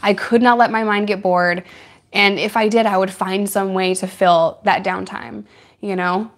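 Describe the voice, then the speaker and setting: A woman's voice: mid-range voice, fairly even intonation, measured pace. A woman hosting a casual live chat with viewers, chatty and laughing often. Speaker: livestream host.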